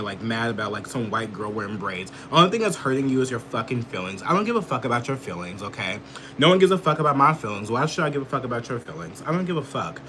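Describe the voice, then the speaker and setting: A man from the United States rants through his political commentary, swearing freely and filling his sentences with filler words. He speaks at a middling pitch, in a loose, heated, offhand style. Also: a bit bright, slight background noise. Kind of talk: casual ranting commentary.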